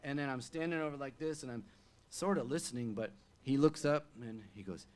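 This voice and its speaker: A male singer-songwriter telling an animated stage story between songs at a live music venue, chatty with fillers and restarts. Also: medium pitch, brisk.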